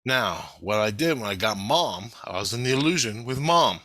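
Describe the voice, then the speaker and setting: A man's voice: mid-range voice, animated, moderate pace, pushed and bright, dry recording. A man in a casual monologue video who rambles through a story and swears constantly.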